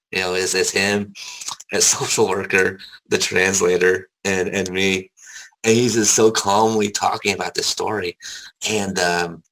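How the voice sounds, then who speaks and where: Young guy w a deep gravelly voice, husky, just telling it straight, cussing, lots of ums. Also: a bit bright, low-quality recording. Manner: frank, swears casually, many fillers and restarts. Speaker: interview guest. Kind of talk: candid personal storytelling.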